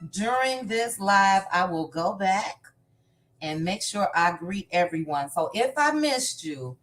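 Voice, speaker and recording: A woman hosting a casual live stream, greeting viewers one by one by name in a chatty, upbeat way. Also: medium pitch. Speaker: livestream host.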